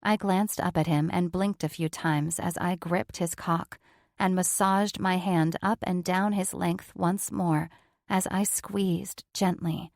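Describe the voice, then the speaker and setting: A woman narrates a first-person romance audiobook in a smooth, even way. Her voice sits a little low, and the close mic gives a dry sound with no room around it. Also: takes it slowly, no room sound.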